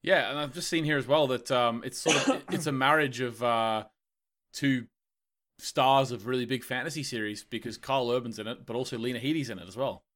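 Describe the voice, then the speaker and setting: Young man, medium pitch, relaxed podcast talk, hesitant. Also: brisk. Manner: easygoing, hesitant, restarts often. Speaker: podcast co-host. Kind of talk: casual film chat.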